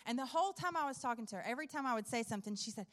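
A woman's voice: on the high side, lively intonation, rapid-fire. A woman giving a personal testimony in church, telling her story earnestly and acting out what was said. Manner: earnest storytelling, acts out quoted dialogue. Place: church sanctuary. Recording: long hall reverb.

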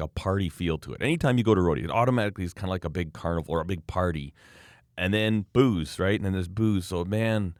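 A middle-aged man from Alberta with a very low, deep voice, chatting casually on a podcast. He rambles through his stories and often pops into other people's voices. The recording is dry and close to the mic. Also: no room sound. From Alberta, Canada. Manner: rambling storyteller, animated when quoting people. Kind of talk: casual chat.

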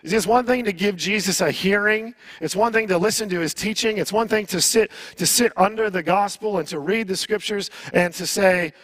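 Pastor guy preaching, high voice, chatty, lots of questions to the crowd, dry close sound. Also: fairly quick, few pauses, a bit bright, no room sound. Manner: conversational preaching with rhetorical questions. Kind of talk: sermon.

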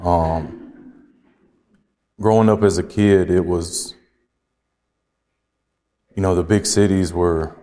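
A man from Georgia, slowly and reflectively telling his life story as an interview guest. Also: deep voice, steady tone, warm tone, in a large hall. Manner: slow, reflective, halting. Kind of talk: personal testimony in conversation.

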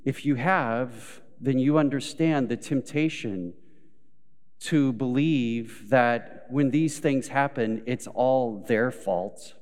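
A male pastor with a mid-range, slightly mellow voice preaches slowly to a live congregation, telling everyday stories and acting out what people say. He builds to emphatic peaks and then drops back down, captured in a church sanctuary with long hall reverb.

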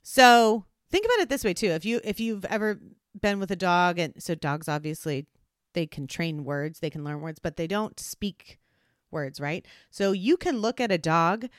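A woman's voice: on the low side, no echo, studio quality. A woman hosting a solo advice podcast, talking earnestly and acting out different tones of voice. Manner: earnest, animated, acts out tones of voice. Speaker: podcast host.

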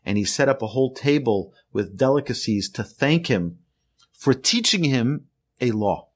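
A man's voice: mid-range voice, expressive, moderate pace. A man, a rabbi, teaching an earnest podcast lesson and telling stories with emphasis.

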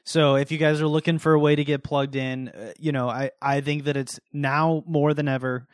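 Male podcast host, sincere and hesitant, a bit high-pitched, dry close sound. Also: flat delivery, no echo. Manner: earnest and halting, many fillers. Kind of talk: casual chat.

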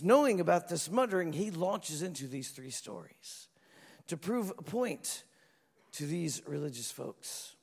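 Pastor, male, high voice, lively storytelling sermon, long hall reverb. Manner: animated storytelling, acts out voices.

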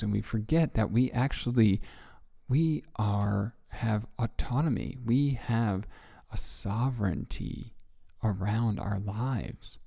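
A man hosting a reflective self-help talk, speaking gently and musing with soft laughs. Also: lowish voice, vocal fry. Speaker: podcast host.

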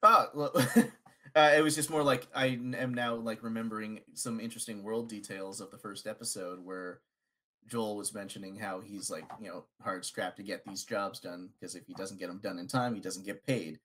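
A man's voice: fairly low pitch, fairly even intonation, moderate pace, sharp tone. A man who is a guest on a casual podcast review, laid-back and often laughing.

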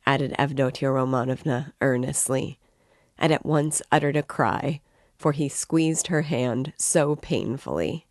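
A woman reads a novel aloud in an unhurried, measured way. Her narration is plain and steady, and the recording is dry and close, with no room echo. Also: a bass voice. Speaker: book reader.

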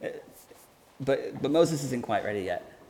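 A man's voice: medium pitch, expressive, warm tone, a little hiss or hum. Man preaching in a reverberant hall. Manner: earnest, halting with frequent restarts. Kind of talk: sermon. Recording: hall reverb with faint ambience.

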